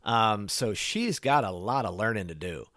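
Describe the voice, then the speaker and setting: A low-pitched man hosts a casual podcast chat. He rambles in loose sentences packed with "you know" fillers, and his voice sounds dry and close to the mic. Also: lively intonation, moderate pace, fairly bright tone, dry recording. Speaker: podcast host.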